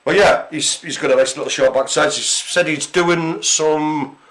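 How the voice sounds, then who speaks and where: A man's voice: a little high, steady tone, normal speed, a bit bright. A man co-hosting a live broadcast, telling jokey stories in casual chat with plenty of fillers. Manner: chatty, jokey storytelling with fillers. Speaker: co-host of a live care-centre broadcast.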